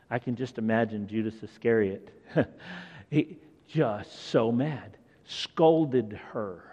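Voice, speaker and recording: Slow-preaching man in an echoey hall. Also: mid-range voice, dull audio. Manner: animated storytelling, acts out scenes. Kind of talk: sermon.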